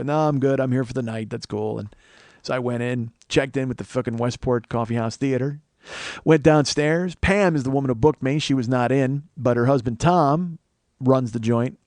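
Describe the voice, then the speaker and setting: A man's voice: mid-range voice, brisk, no room sound. A man hosting a podcast, telling a long profane story and acting out the people in it. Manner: animated, swearing, acts out quoted people. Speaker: comedian and podcast host.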